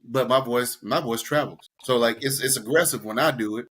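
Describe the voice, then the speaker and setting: A man co-hosting a podcast in casual chat, frank and anecdotal, with a relaxed swagger. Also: mid-range voice, brisk, slightly rough. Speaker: podcast co-host.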